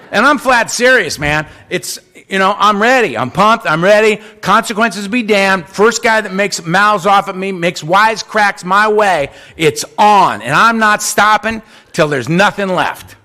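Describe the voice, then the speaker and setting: A middle-aged man at a conference podium microphone, telling his recovery story in an animated way and acting out what other people said. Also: high-pitched, measured pace, hardly any pauses. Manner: animated, acts out quoted voices, swings between loud and hushed. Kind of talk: personal storytelling talk. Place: conference hall.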